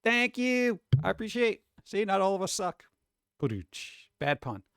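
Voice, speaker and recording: A male streamer talks casually into a close, dry mic, his fairly high voice leaping up and down as he reacts. He reads chat aloud and swears now and then in a loose, animated way. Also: a little slow, smooth, no room sound. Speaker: streamer host.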